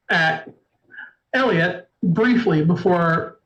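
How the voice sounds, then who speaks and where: A man narrating a tabletop game as storyteller, in a measured, descriptive way. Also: high-pitched, poor audio. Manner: measured, descriptive, apologetic asides.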